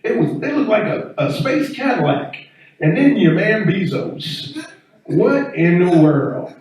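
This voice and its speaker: A man doing a stand-up set, chatty and animated with the crowd. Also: sits high, takes it slowly. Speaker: stand-up comedian. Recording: echoey room from far off.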